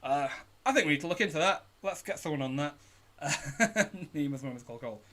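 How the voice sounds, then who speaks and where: A British man with a slightly high voice hosts a live online pub quiz. He keeps an upbeat tone as he reads out questions and shout-outs to teams, recorded at a home streaming setup. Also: lively intonation, a little fast, a little hiss or hum. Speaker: quiz host.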